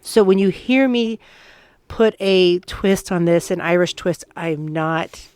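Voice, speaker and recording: A woman's voice: lowish voice, slow pace, a little mellow, clear, resonant tone, dry recording. A woman co-hosting a ghost story podcast, telling a haunting tale in a casual, earnest way. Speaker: podcast co-host.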